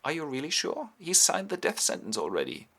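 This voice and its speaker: A man voicing a loyal but skeptical young nobleman friend, quick and wry. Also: a little high, wildly swooping pitch, creaky, sharp tone, pitched above the performer's own voice, full character voice.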